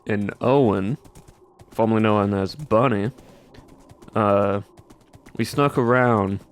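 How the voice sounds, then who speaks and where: A man's voice: lowish voice, clean tone. A young man streaming as a cowboy in a put-on Southern US drawl, chatting casually in character with a folksy, rambling manner. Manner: laid-back folksy drawl, rambling asides. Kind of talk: casual in-character roleplay chat.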